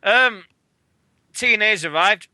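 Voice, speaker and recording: Swearing his way through a fast, excitable wrestling rant, a British man speaks on a radio show in a high, piercingly bright voice. His casual chatter is captured close and dry, without any room sound.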